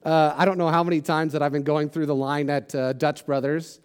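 A man preaching in a relaxed, chatty way, his voice sitting a little higher than most men's. He trades solemn scripture for self-deprecating jokes, and his talk is full of "like" and "you know". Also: brisk, clear, resonant tone. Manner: casual, joking and self-deprecating; conversational with many fillers like "like" and "you know". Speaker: pastor. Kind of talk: sermon.

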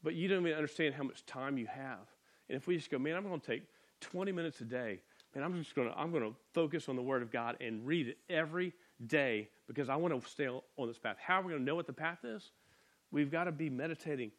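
Earnest preaching man, fairly high voice. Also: fast. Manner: earnest, animated preaching with repeated restarts. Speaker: pastor. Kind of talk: sermon.

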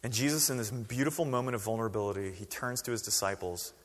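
A man preaching a sermon as pastor, conversational and animated, acting out quoted voices. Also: lowish voice, fast, long reverb tail.

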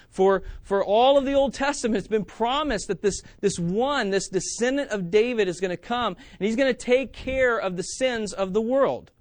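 A man giving an informal sermon in a conversational way, with many restarts and fillers, dropping to a quiet plea when he quotes. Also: sits high, dry recording. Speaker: preacher.

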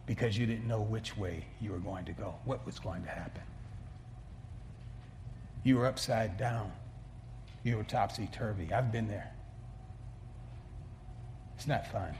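A man's voice: on the low side, slight background noise. Earnest preaching pastor, man. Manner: earnest, stumbling restarts, swings between soft asides and emphatic peaks. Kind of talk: sermon.

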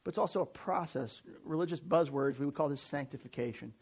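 A man in his forties from the United States, preaching a sermon to a church audience in a conversational, animated way, often restarting his sentences. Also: a little high, fast, breathy edge. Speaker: pastor.

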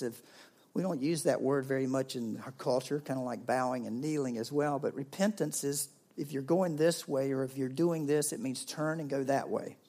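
Guy preaching a sermon, storytelling style, gets loud then goes real quiet. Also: mid-range voice, normal speed. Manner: storytelling preacher, swings between loud and hushed. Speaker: pastor.

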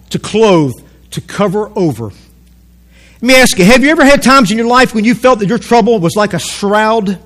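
Male pastor, high voice, emphatic pulpit preaching in a church auditorium. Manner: emphatic preaching, slows down for quotes and calls the congregation to repeat. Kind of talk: sermon.

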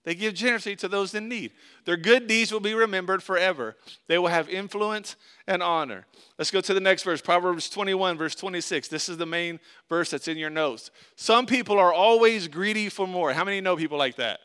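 A man preaching a sermon in a conversational way, repeating phrases, slowing and dropping to a hush on key lines before rising again. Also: sits high, clean tone. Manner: slows down and drops to a hush on key phrases, then rises loud. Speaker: pastor.

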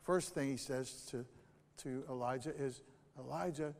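A man's voice: medium pitch, fairly even intonation, a little slow, darkish tone, big-room sound. A male pastor preaching a sermon in a conversational way, asking rhetorical questions.

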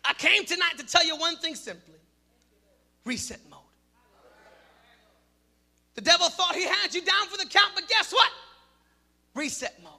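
A man preaching a sermon, shouting in bursts and then dropping to quiet prayer. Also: extremely high pitch, a little fast, vocal fry. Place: church hall. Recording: long hall reverb with music behind.

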